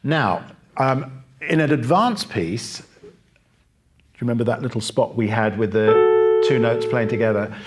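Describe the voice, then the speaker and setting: Male pianist-teacher, mid-pitched voice, calm explainer, loud piano behind. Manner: patient, explanatory, pauses to play examples. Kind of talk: masterclass demonstration at the piano. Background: piano playing between phrases.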